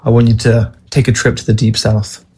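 A man's voice: mid-range voice, level tone, fairly quick, background noise. A man presenting a casual spoken monologue, musing and reflective as he introduces a poem and a song.

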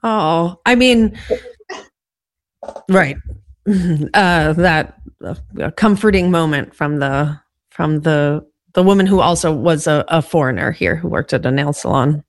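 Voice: mid-range voice, a little slow, dry recording. Curious interviewer, dry close sound. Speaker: podcast interviewer. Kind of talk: conversational interview.

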